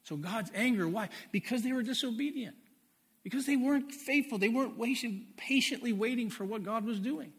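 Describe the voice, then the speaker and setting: A man preaching a sermon in a conversational way, reading scripture slowly and with emphasis. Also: extremely high pitch, husky. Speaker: pastor.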